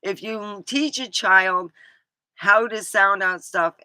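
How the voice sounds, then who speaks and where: A woman's voice: mid-range voice, takes it slowly, bright, forceful tone, dry recording. A woman from California with an English-tinged accent, telling rambling stories with laughs and lots of ums. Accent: English-tinged American. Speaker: vlogger. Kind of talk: casual storytelling.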